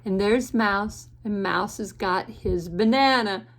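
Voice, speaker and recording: A woman teacher reading a picture book aloud to children in a gentle way, pausing to ask the listener questions. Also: mid-range voice. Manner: gentle, asks the listener questions, laughs often.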